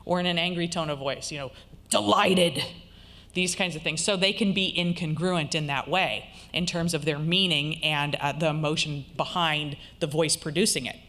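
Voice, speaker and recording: Brief: woman instructor, slightly low voice, lecturing patiently and checking that students follow. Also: steady tone, normal speed, few pauses, a bit bright. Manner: explanatory, checks in with the audience. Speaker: college instructor. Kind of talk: recorded lecture.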